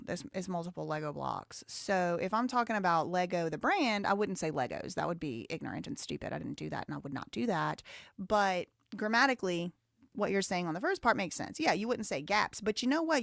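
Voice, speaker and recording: A woman's voice: on the low side, creaky, no echo. Chatty Southern American woman, dry sound. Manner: chatty, opinionated, laughs often. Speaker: live show host. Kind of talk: casual live-stream chat, reading comments.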